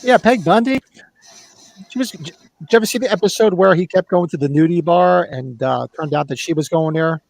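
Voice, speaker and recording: A man's voice: a little high, fairly quick, vocal fry, darkish tone, no echo, soft background music. A man co-hosting a live movie watch-along, telling rambling stories in casual chat. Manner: rambling storyteller. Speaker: podcast co-host.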